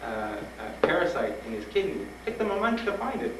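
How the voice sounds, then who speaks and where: Male guest speaker, frank and animated, slightly high-pitched, recorded from afar on noisy tape. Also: fairly quick. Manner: animated, acts out dialogue, laughs often; frank and urging. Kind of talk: personal storytelling talk to students. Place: school hall with an audience. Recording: roomy old tape from a distant mic, noisy.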